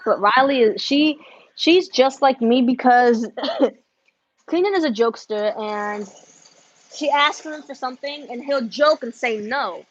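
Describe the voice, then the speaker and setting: A woman's voice: sits high, muffled recording. Chatty middle-aged woman live-streaming. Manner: chatty and quick, chatting to viewers with laughs. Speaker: embroidery business owner hosting a live stream. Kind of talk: casual live-stream chat while working. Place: home craft studio.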